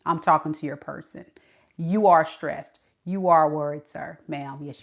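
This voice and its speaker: A woman's voice: low voice, steady tone, measured pace, vocal fry. Woman, tarot reader, sassy, playful, slangy, talks right to the viewer. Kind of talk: tarot reading to camera.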